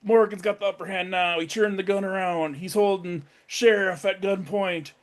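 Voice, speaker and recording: A young man co-hosting a horror movie podcast, speaking in a fairly high voice. He retells scenes with real energy and slips into each character's lines as he goes. His chat is loose and casual, with plenty of swearing. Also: moderate pace. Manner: animated retelling, acting out characters' lines with profanity. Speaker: podcast co-host.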